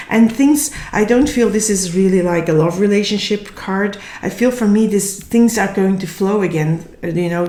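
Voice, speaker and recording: A woman giving a casual tarot reading, slightly hoarse and tired, thinking aloud and searching for words. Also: lowish voice, darkish tone. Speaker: tarot reader. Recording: echoey room.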